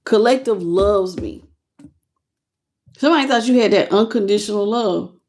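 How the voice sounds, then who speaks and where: A woman's voice: mid-range voice, moderate pace, a little mellow. A woman giving a casual tarot reading to camera. She talks straight to her viewers in loose slang and sounds moved by what she is reading. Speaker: tarot reader.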